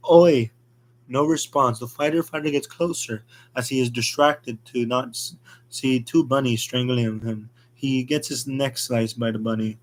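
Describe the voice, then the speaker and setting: A man narrating an amateur horror story in a plain, hurried reading with small slips. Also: medium pitch.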